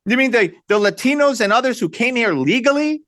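A man's voice: very high-pitched, animated, fairly quick, a bit bright, no echo, clean studio sound. A man hosting a talk radio show, delivering combative, sarcastic commentary full of rhetorical questions.

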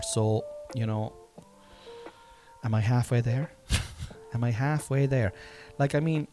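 A man in his forties musing aloud in a casual, rambling monologue, self-mocking and swearing freely. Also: medium pitch. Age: 40s.

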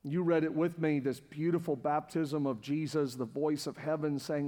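A man preaching a sermon as pastor to a congregation in a church, passionate and repetitive, building to near-shouting. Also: on the high side, fairly even intonation, moderate pace. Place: church sanctuary with live congregation. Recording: long hall reverb with faint music.

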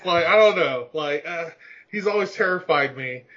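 A man's voice: fairly high pitch, expressive, moderate pace, sharp tone, dull audio. A man in his thirties chatting casually on a podcast, crude and joking, laughing often.

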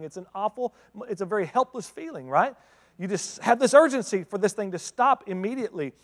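A man preaching a sermon as pastor, speaking directly to the congregation with rhetorical questions and swinging between loud outbursts and hushed intensity. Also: sits high, in a large hall.

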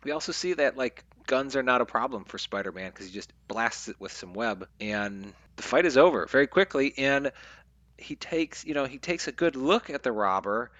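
A man's voice: mid-range voice, lively intonation, a bit bright, dry recording, muffled recording. A man co-hosting a casual talk show, discussing a comic book with frequent fillers and restarts. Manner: halting, many fillers and restarts. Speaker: podcast co-host.

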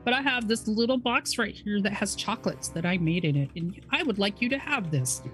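A woman's voice: medium pitch, lively intonation, brisk, faint music behind. A woman playing a ship captain in a tabletop game, friendly and eager to please. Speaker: player. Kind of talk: in-character tabletop role-play.

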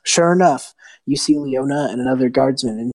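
A man's voice: medium pitch, a little fast, darkish tone, dry recording. A man narrating a tabletop game as game master, in a loose, chatty way with asides.

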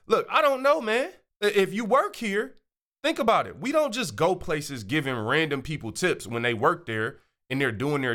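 A man hosting his own show, telling a casual, animated story and acting out the voices of people in it. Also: a little high. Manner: animated, acts out quoted voices. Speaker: show host.

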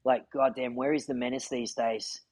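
A man hosts a podcast and recounts a story with earnest, heartfelt feeling. His voice has a husky grain and sits at a middle pitch. The sound is dry and close. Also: steady tone, moderate pace, darkish tone, dry recording, poor audio. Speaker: podcast host. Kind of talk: casual chat.

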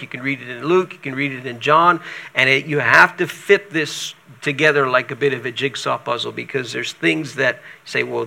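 A man's voice: mid-range voice, creaky, pushed and bright. A man teaching from the Bible, reading passages aloud and breaking in with casual asides. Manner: reads scripture aloud then adds casual asides.

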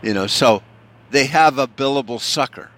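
A man's voice: medium pitch, moderate pace, a bit bright. A man from the United States in a casual, profane rant, rambling and sarcastic, with frequent swearing and restarts.

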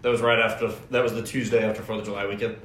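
A man's voice: on the low side, little pitch movement, very fast, a bit bright, a little hiss or hum. A man co-hosting a podcast in casual chat, laughing often and steering the conversation. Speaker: podcast co-host. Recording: echoey room.

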